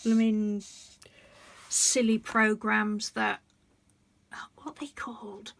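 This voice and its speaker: Very slow and fairly flat in pitch, her mid-range voice is creaky with a fairly bright tone. She's a colouring book vlogger in her sixties, opening up to viewers in a heartfelt ramble where she often stops and restarts her sentences.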